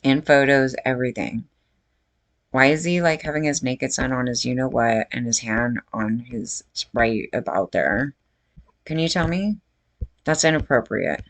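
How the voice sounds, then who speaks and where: A woman's voice: very deep voice, a little slow, no room sound. A woman in her forties giving casual reaction commentary on a news story, blunt and outraged, swearing freely. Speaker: true-crime commentary vlogger.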